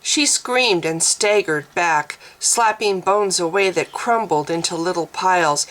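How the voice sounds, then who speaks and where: A woman reading her own fantasy novel aloud as narrator, slowly and deliberately. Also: fairly low pitch, fairly bright tone, rough recording.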